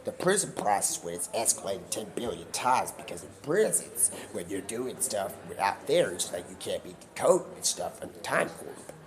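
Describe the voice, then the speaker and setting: A man's voice: lowish voice, very animated, moderate pace, few pauses, a crowd in the background. A man livestreaming from a car while driving, telling a rambling improvised story that keeps jumping between put-on voices and whispers. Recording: clear background noise.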